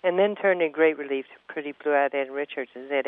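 A woman who writes a newspaper column, telling an anecdote in a lively storytelling manner. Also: deep voice, brisk, dry recording. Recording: tinny phone-like line.

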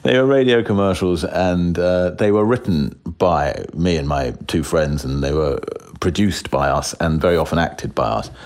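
A man's voice: sits low, normal speed, few pauses, darkish tone. A man in his sixties, an actor talking as a guest in a casual interview, self-deprecating with frequent chuckles and restarts.

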